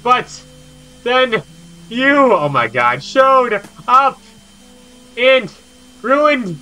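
A man voicing an angry teenage girl in a game he is reading aloud, shouting. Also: very animated, very slow, full character voice, rough recording. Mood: furious. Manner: shrill, shouting. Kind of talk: dramatic visual novel voice acting.

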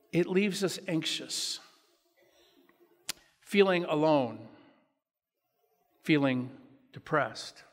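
A pastor delivering a sermon in an earnest, personal storytelling way. His voice sits fairly high for a man. The sound carries the long reverb of a church sanctuary.

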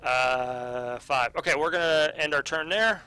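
A man's voice: a little high, unhurried, sharp tone. A man hosting a tabletop card game playthrough, reading card text aloud, counting dice rolls and speaking patiently to a child at the table. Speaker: host running the card game.

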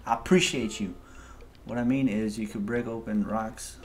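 A man hosting a gaming video, giving excitable, slangy let's-play commentary straight to his viewers. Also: medium pitch, normal speed. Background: game music.

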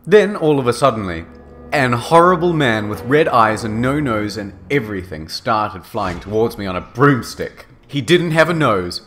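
A man's voice: mid-range voice, lively intonation, moderate pace, fairly bright tone, soft background music. A man narrating in a comedic dramatic reading with an exaggerated, mock-earnest delivery.

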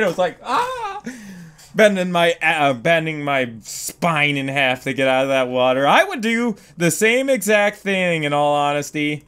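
A young man talks over a video game at an unhurried pace, his voice high and clean. He swears freely and breaks into panicked shouts and laughter at his own mistakes. He speaks close to a desk microphone. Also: smooth. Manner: excitable, swears a lot, panics loudly and laughs at himself. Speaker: gaming commentator. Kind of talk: let's play commentary.

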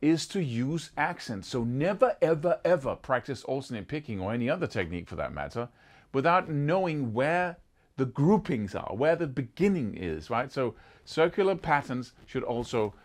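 A man teaching a guitar lesson in a casual, animated way, sometimes singing rhythms as syllables. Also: medium pitch, moderate pace. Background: guitar playing.

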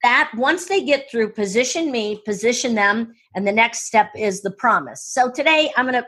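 Excitable, husky-voiced woman speaking coach. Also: fairly high pitch. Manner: excitable, rapid restarts and asides. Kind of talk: enthusiastic interview storytelling.

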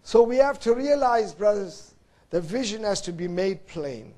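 High-voiced preacher, slow and dramatic. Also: male voice, lively intonation. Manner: preaching with dramatic swings from loud emphasis to hushed low tones; repeats "brothers and sisters" as an address. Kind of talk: sermon.

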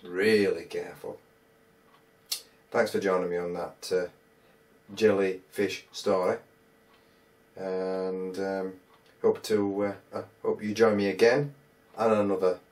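A man's voice: sits low, fairly even intonation, slow, pauses often, a little mellow. Rambling man, slightly distant. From England. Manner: rambling, colloquial storytelling with hesitant restarts. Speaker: metal detecting vlogger. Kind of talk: casual spoken anecdote.

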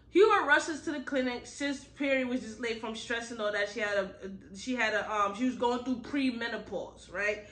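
A woman's voice: on the high side, normal speed, few pauses. A woman giving a casual book review recap, talking bluntly and with lots of slangy asides. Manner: animated, blunt, slangy storytelling with frequent asides.

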